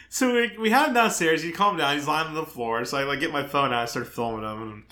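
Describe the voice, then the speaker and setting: A man's voice: fairly high pitch, fast talker, few pauses. A man co-hosting a podcast, telling stories in casual, laughing banter. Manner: animated, laughing storyteller. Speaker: podcast co-host. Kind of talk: casual chat.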